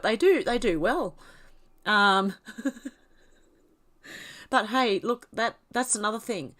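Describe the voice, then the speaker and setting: A woman's voice: mid-range voice, expressive, takes it slowly, pauses often, a bit bright. A woman with an Australian accent hosting a casual livestream, reading out viewer comments and chatting in a rambling way, her nose stuffed up from a cold. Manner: chatty, rambling, laughs often.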